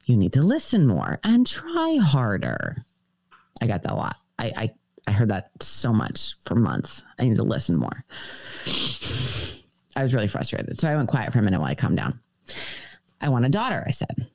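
A woman's voice: rumbling low, creaky, warm tone, no echo. A woman guest on a podcast, earnestly recounting a personal story and quoting dialogue in shifting voices. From United States.

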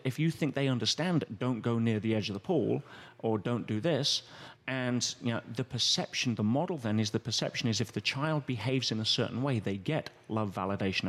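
A man's voice: medium pitch, brisk, hardly any pauses, breathy edge. A man as a podcast guest, explaining at length in a conversational way and acting out quoted voices as he goes. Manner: animated, acts out quoted voices.

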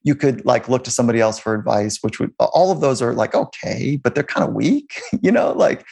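A man's voice: medium pitch, animated, brisk, gravelly, darkish tone, slightly rough. A man, a sports psychologist, telling stories in an interview in a loose, rambling way with frequent restarts and chuckles. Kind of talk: conversational interview storytelling.

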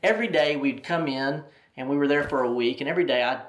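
Animated storytelling man, roomy sound. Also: medium pitch, quick pace. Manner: animated storyteller, acts out quoted dialogue. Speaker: ministry president, interview guest. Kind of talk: storytelling in an interview. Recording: roomy echo.

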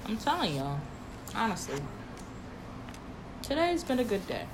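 A young adult woman co-hosting a casual chat, excitable with loud bursts and quick laughs. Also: mid-range voice, noisy background. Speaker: podcast co-host.

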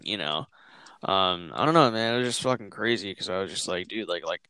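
A young man with a low voice tells a rambling story in casual chat. He swears constantly and talks in loose slang. The sound is close and dry, with no room in it. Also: animated, a little fast, sharp tone, clean tone, dry recording. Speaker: podcast host.

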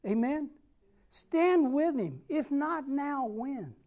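A young man preaching a sermon, telling a personal story and acting out the dialogue with lively energy. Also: extremely high pitch, takes it slowly. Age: young adult. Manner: repeats a rallying question.

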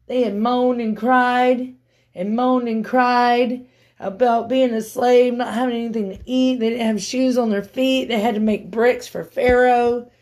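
A woman preaching a sermon, telling a Bible story and building to loud, emphatic peaks. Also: on the high side, fairly even intonation, unhurried.

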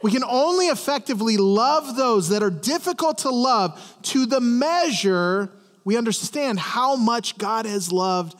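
A man delivers a sermon in a high, animated voice that swoops up and down. He talks to the congregation like a friend, stumbling over repeated words and tossing them questions. His voice rings out with a long reverb, as in a big hall. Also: measured pace. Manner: conversational, stammering restarts, questions to the congregation. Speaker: pastor. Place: church service.

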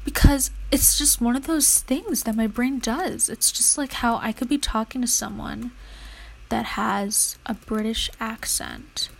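Chatty young woman with a gravelly edge. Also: on the high side, unhurried, rough recording. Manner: rambling, chatty, lots of "like", murmurs notes half-whispered. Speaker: vlogger. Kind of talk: casual chat while studying.

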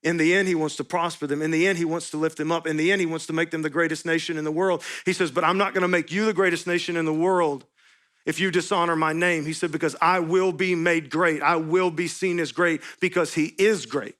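Pastor, male, fairly high voice, earnest sermon delivery with repeated rhetorical questions. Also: steady tone, a little fast, fairly bright tone. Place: church sanctuary.

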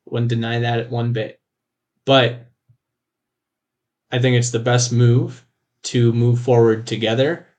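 A man's voice: medium pitch, little pitch movement, slow pace, long pauses, a little mellow, muffled recording. A man co-hosting a podcast, talking in a loose, rambling way with frequent restarts and easy laughter. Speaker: podcast co-host. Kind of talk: casual chat.

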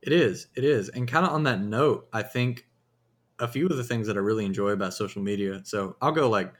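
A man's voice: on the low side, a little fast. Young Southern man, podcast host, casual and rambling. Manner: rambling, jokey, restarts sentences.

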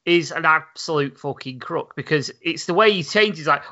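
A man's voice: on the high side, moderate pace, hardly any pauses, fairly bright tone. A man co-hosting a casual podcast, chatty and swearing, with laughing asides. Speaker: podcast co-host. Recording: dull lo-fi sound.

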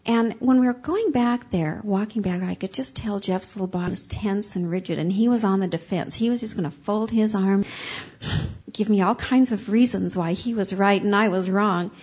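Earnest husky woman telling a story. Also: medium pitch, a little mellow, lo-fi sound. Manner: earnest, halting storytelling with many restarts. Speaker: speaker's wife sharing a story. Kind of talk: personal testimony at a seminar.

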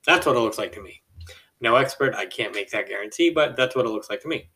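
A young adult man casually telling a story from his job on a podcast, animated and acting out the people in it. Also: mid-range voice, quick pace, distant mic, rough recording. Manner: animated, acts out quoted people with a raised voice. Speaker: podcast host.

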